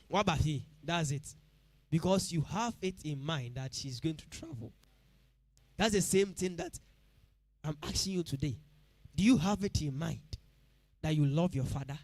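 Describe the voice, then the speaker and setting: A Ghanaian-accented man preaching at a midweek church service, his voice pitched high for a man. He presses the congregation with direct questions and repeats his points for emphasis. The sound is close and dry, with no room echo. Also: expressive, normal speed, long pauses, darkish tone.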